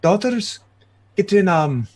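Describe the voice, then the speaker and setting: A man's voice: high voice, very animated, slow, darkish tone, voice pushed up, exaggerated voice. A man voicing a timid, fussy old woman adventurer who frets and stammers. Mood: wary chatter. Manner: fretful, flustered and stammering.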